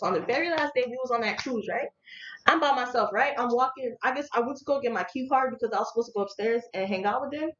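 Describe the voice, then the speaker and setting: A young woman vlogger telling a story in casual, slangy speech, animated and laughing along as she talks. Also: on the high side. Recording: echoey room, dull lo-fi audio, faint noise.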